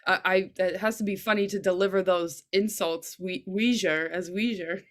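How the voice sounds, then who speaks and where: A woman's voice: mid-range voice, fairly even intonation, moderate pace. A woman interviewing a theatre cast in a casual chat, enthusiastic and full of praise.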